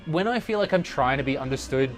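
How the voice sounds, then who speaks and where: Rambling, sweary male comic on a balcony. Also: brisk. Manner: rambling, animated, swears freely, jumps into high mock voices. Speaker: comedy podcast host. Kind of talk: casual comedic monologue. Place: outdoor city balcony. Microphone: portable recorder. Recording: not studio quality, city sounds around. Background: faint music from the city.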